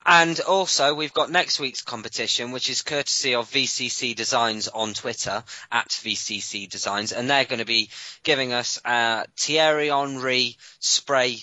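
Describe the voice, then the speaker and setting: A man's voice: mid-range voice, pushed and bright, no room sound. A man hosting a casual fan podcast, cheerfully running through the competitions and calling on each guest. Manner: brisk, cheerful running of segments. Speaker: podcast host. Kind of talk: casual chat. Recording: dull, lo-fi podcast sound.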